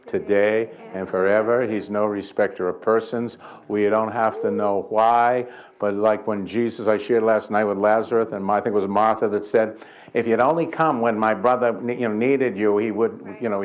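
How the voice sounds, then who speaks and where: Evangelist man, low-pitched, folksy storyteller leading prayer in a church. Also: steady tone, moderate pace. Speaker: guest healing evangelist. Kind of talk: preaching at a healing service. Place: church sanctuary.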